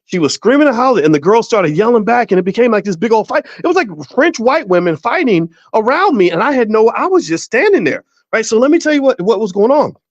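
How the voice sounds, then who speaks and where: A middle-aged man hosting a casual commentary monologue, folksy and repetitive, breaking into high excited voices when telling stories. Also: fast talker, few pauses, dry recording. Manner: animated storyteller, jumps into high excited voices; folksy, repeats himself and restarts often. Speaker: host. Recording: dull, slightly lo-fi dry sound.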